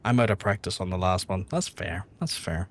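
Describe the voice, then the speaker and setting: A man's voice: low voice, expressive, fairly quick. A young man streaming a video game, chatting casually with his viewers in a rambling, profane way. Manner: rambling, profane, talks straight to chat.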